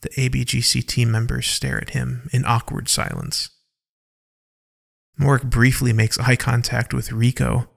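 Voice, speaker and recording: A man giving slow, deliberate scripted narration for an audio drama. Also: mid-range voice, flat delivery, vocal fry.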